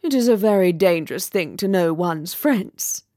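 A woman's voice: fairly low pitch, animated, normal speed, dark tone, close to an everyday voice. A woman voicing a pompous, self-pitying male firework rocket in a storybook reading, with a melodramatic, self-important manner. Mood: haughty.

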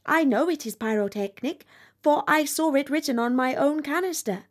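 A shrill, excitable firework, voiced by a woman. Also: normal speed. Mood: indignant. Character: touchy, excitable Bengal Light firework. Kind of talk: storybook reading.

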